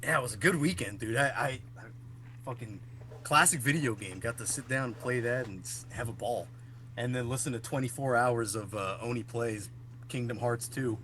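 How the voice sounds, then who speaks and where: A man's voice: mid-range voice, normal speed, slight background noise. Laughing, swearing young man telling stories. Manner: animated storyteller who laughs often and swears. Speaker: podcast co-host. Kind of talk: casual chat.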